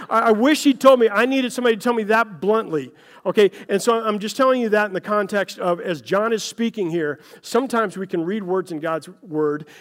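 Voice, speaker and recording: A man with a fairly high voice gives a relaxed, story-driven sermon, talking to his congregation like friends. His words ring out into a large hall with a long reverb tail. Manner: folksy storytelling, addresses listeners as "guys". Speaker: pastor. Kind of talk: conversational sermon.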